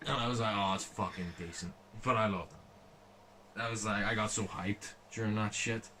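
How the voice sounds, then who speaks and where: A man's voice: fairly low pitch, steady tone, moderate pace, sharp tone, a little hiss or hum. A young man co-hosting a podcast, chatting casually, swearing often and acting out scenes with hyped outbursts.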